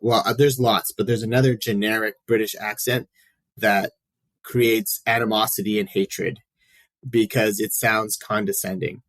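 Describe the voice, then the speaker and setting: A man's voice: lowish voice, fairly even intonation, a little slow, a bit bright, no echo. Chatty male podcast host, dry sound. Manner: chatty, rambling, frequent fillers. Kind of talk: casual chat.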